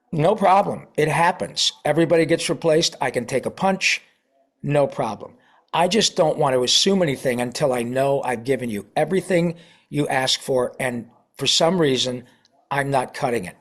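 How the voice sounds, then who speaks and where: A middle-aged man in a casual interview, telling a story with lively asides and acted-out quotes. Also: mid-range voice, moderate pace. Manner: animated, acts out quoted voices. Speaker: voice actor guest.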